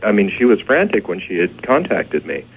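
A man, a paranormal investigator guest on radio, telling his story with hesitant pauses. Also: fairly low pitch, sing-song, slightly rough. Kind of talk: radio interview. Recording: tinny phone line.

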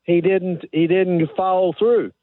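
A man's voice: sits high, steady tone, dry recording. Rambling man on a tinny phone line. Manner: rambling, halting, many fillers. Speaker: caller. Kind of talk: call-in radio question.

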